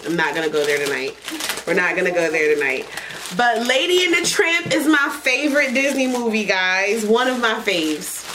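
A woman hosting a casual podcast chat, gushing with excitement and swearing freely. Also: fairly high pitch, normal speed, noisy background. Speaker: podcast host.

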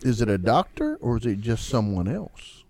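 A man's voice: moderate pace, dry recording. A man co-hosting a casual podcast, teasing his partner in a playful way. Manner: playful, teasing, animated pitch swings. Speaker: podcast co-host.

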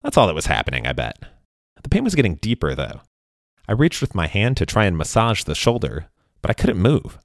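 A man narrating a first-person story in a wry, deadpan way. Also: low voice, brisk, dry recording, clean studio sound.

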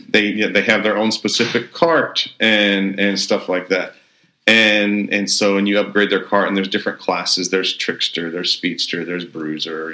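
A man's voice: deep voice, bright, forceful tone. A man, a pastor co-hosting a podcast, chatting casually in an upbeat, rambling way with many restarts. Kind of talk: casual chat. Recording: roomy echo.

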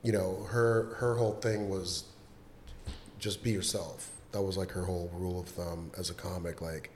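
A man's voice: sits low, steady tone, normal speed, darkish tone, reverberant, slight background noise. A stand-up comedian chatting casually and emphatically about his craft. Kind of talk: casual chat.

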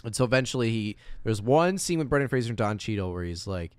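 A man in casual chat recapping a movie plot, animated and acting out scenes in exaggerated voices. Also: fast talker, clear, resonant tone, dry recording. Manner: animated, acts out scenes with big high-pitched voices. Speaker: co-host.

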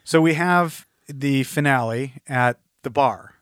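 An enthusiastic man co-hosting a casual film review podcast. His voice sits in a middle pitch, recorded close and dry with no room sound. He gushes freely and sometimes jumps into quoted lines. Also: fairly bright tone, clear, resonant tone, no echo. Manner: enthusiastic, acts out movie lines in quick bursts. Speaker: podcast co-host.

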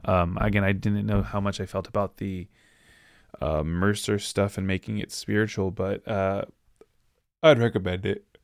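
Male podcast host, low voice, dry close sound, loose rambling book chat. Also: little pitch movement, gravelly, no echo. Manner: rambling, acts out characters with quick voices. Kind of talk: casual book recap monologue.

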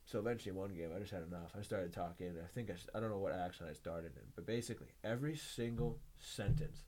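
A young man chatting casually as a podcast guest, telling a story with a lot of energy and loud laughter. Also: deep voice, fast talker. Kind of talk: casual chat.

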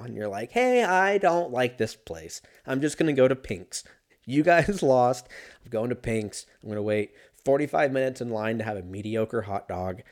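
A young adult man riffing in a rambling, profane, casual comedic monologue, breaking into laughs and sudden shouts. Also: medium pitch, expressive, moderate pace. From Los Angeles area.

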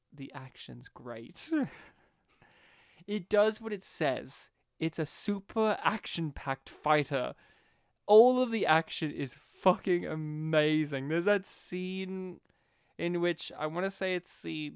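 An excitable man chatting about movies, his smooth voice pitched a little high. He laughs a lot and jumps into quick impressions as he goes. The sound is dry and close, with no room around it. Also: dry recording. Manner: animated, laughs often, acts out scenes in voices. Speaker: podcast co-host. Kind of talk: casual film-review chat.

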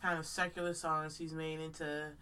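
A woman's voice: low-pitched, little pitch movement, normal speed, sharp tone, recorded from a distance, a little hiss or hum. A congested woman co-hosting a podcast, giving her opinions in a frank, emphatic, casual chat. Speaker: podcast co-host.

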